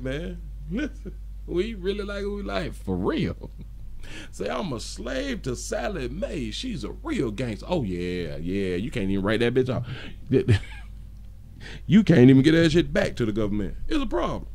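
A man's voice: fairly high pitch, wildly swooping pitch, normal speed, vocal fry, darkish tone. A man hosting a casual live stream, reading viewer comments aloud and joking with a frequent chuckle. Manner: chuckles often, loose and joking.

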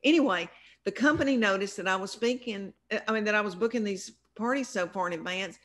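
A woman's voice: medium pitch, quick pace, fairly bright tone. Chatty Southern woman telling stories. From American South. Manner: chatty, rambling, self-deprecating. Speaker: comedian guest. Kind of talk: casual storytelling interview.

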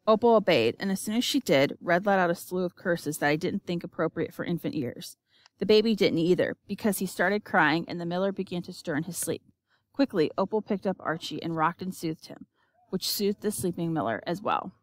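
A woman giving an expressive, measured audiobook narration. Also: on the low side, dry recording, studio quality.

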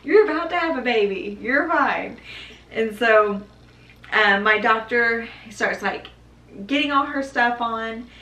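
A young woman tells her birth story to her viewers, casual and animated. Her voice is bright and clear. She sits back from the mic in a room with noticeable echo. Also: medium pitch. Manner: animated, acts out quoted voices, laughs. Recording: echoey room, mic at a distance.

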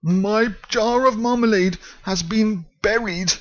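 A man reading aloud and voicing a polite, earnest little male bear with a raised, excitable voice. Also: high voice, unhurried, husky, lo-fi sound, voice pushed up, full character voice. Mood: upset.

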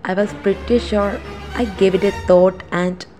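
A young woman with a hoarse voice from a sore throat and cold, chatting apologetically as she narrates her drawing vlog. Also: medium pitch, fairly even intonation, moderate pace, over music. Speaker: drawing vlogger. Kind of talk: casual voice-over narration.

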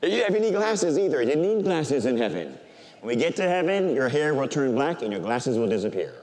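An older man, a Catholic priest, preaching a sermon and telling a personal story with animated, emotional delivery that softens when he is moved. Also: medium pitch, brisk. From United States. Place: large church. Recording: church hall reverb.

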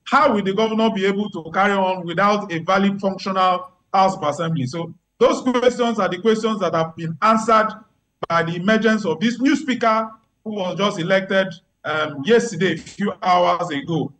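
Male legal commentator, emphatic and lawyerly, voice sits high. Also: normal speed, a bit bright, low-quality recording. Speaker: legal analyst guest. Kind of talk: remote news interview commentary.

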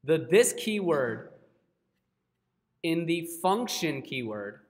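Male coding teacher, live class, unhurried delivery, keeps checking in with the room. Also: a little high, very animated. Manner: keeps checking in with "right?" and apologizes a lot. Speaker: coding instructor.

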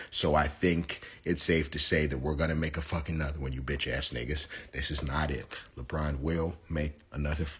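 A man's voice: very deep voice, a bit bright, slightly rough. A young man ranting profanely on a phone live stream about basketball, heated and mocking.

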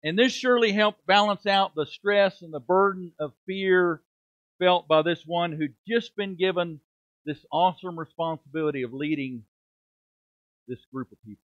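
Middle-aged male preacher, high pitch, emphatic sermon delivery, dull close recording. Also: normal speed, a bit bright, dry recording. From United States. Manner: emphatic preaching with rhetorical questions and dramatic drops in volume. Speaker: preaching minister. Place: church sanctuary.

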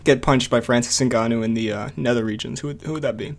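A man's voice: medium pitch, steady tone, quick pace, gravelly. A man co-hosting a casual podcast, joking and laughing often. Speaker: podcast co-host. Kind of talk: casual chat.

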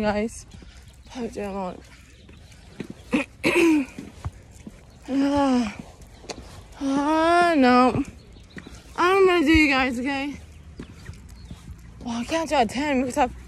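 A woman's voice: sits high, a little hiss or hum. A young woman rambling in a casual vlog, out of breath from walking, constantly saying "you guys". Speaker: vlogger. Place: outdoors walking around town.

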